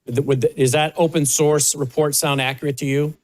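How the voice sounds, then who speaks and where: A man's voice: on the high side, flat delivery, a little fast. Man co-hosting live news, probing questions. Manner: conversational, asks probing questions. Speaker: news co-host.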